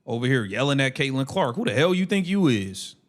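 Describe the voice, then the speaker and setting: A man's voice: mid-range voice, big pitch swings, brisk. A man hosting a casual live watch-along stream, calling the plays and ranting in heated slang.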